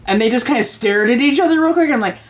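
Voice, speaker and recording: Quick and expressive, this livestream host's voice sits a little high. She's a woman in her forties recounting a long personal tale in relaxed chat, frequently laughing and imitating the people involved.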